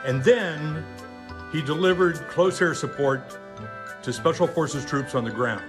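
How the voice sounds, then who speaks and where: A man's voice: on the high side, measured pace. A man in his sixties, a retired army general, bluntly addressing the camera in a political ad. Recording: voice over background music.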